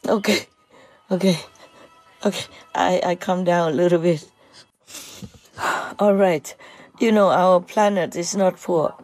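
Slow, gravelly-voiced woman, choked with emotion. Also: medium pitch, a little mellow, no echo, low-quality recording. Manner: emotional, halting, tearful laughs. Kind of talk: heartfelt spiritual talk.

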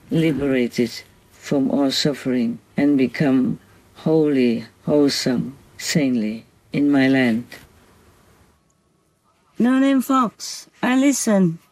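A spiritual teacher giving a slow, gentle, devotional talk, with soft laughter between remarks. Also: medium pitch, poor audio.

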